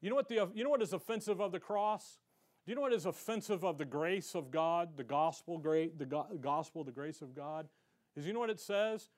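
Male pastor, lightly higher voice, excitable sermon delivery with big swings in volume. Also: brisk. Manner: excitable, animated, shifting between loud emphasis and quiet asides. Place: church sanctuary.

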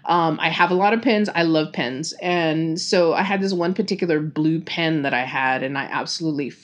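A woman's voice: low-pitched, normal speed. A woman with a Texan accent telling fan stories on a casual podcast, chatty and full of fillers and laughs. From Texas. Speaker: podcast host.

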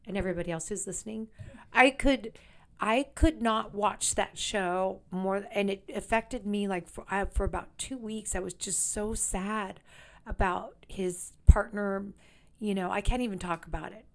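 A woman chatting on a podcast, her voice at an ordinary middle pitch. She tells stories in a rambling, emphatic way and stresses her words by repeating them. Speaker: psychic medium guest. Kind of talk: casual podcast chat.

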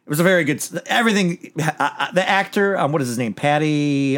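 A man's voice: on the high side, brisk. Man rambling through a TV recap. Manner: rambling, animated, with frequent restarts and swearing. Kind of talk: casual chat recapping a TV episode.

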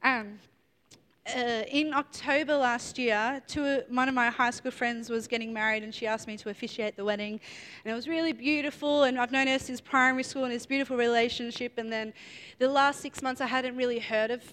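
A woman's voice: a little high, a bit bright, a little hiss or hum. A young woman in her twenties giving a sermon, telling a personal story in a chatty way with many fillers and asides. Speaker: preacher.

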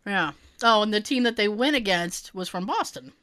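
A woman co-hosting a casual chat, animated and sarcastic, laughing often. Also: medium pitch, normal speed. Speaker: podcast co-host.

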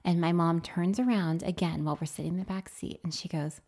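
Animated woman telling a story. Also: on the low side, a little fast. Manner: animated, acts out quoted voices. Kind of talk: casual storytelling chat.

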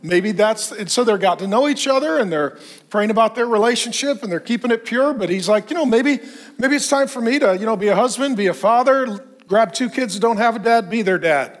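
A middle-aged man preaching to a men's group at church, loud and animated, telling stories with jokes. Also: high-pitched, a little fast. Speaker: pastor. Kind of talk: energetic men's group sermon. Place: church hall before a live audience.

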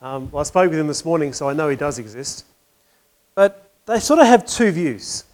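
A man's voice: on the high side, very animated, normal speed, a little mellow. A man preaching a conversational sermon, asking questions and telling a wry joke.

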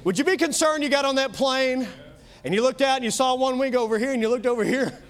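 Male pastor with a Kentucky accent, high voice, emphatic sermon delivery. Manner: emphatic preaching, swinging loud and soft, quick asides.

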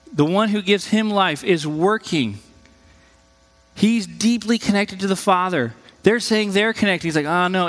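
A man, a pastor, preaching a conversational and animated sermon, jumping up in pitch when he voices quoted people. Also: in a large hall.

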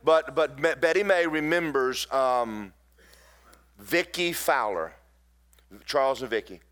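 A middle-aged pastor preaches a sermon in a folksy, storytelling style broken by emphatic bursts. His medium-pitched voice is slow and fairly bright in tone.

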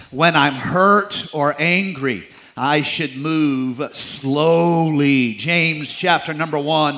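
A man preaching a sermon in a folksy, joking way, dropping into quiet asides between scripture readings. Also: on the high side. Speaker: pastor.

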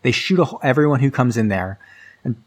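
A man's voice: medium pitch, brisk. Rambling man recapping a movie. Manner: rambling, filler-heavy storytelling.

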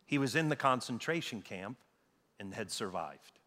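A middle-aged American pastor preaches with a bright, forceful tone and a pitch that climbs and dips with feeling. He leans on key phrases, slows right down and repeats them for weight. His voice rings out in a church hall with a long reverb. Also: lively intonation. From United States. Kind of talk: sermon.

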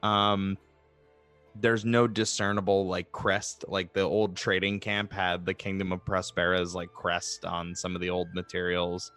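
A man's voice: low-pitched, little pitch movement, a little slow, a bit bright, faint music behind. A man narrating as game master of a tabletop game, in a loose, rambling way with many fillers.

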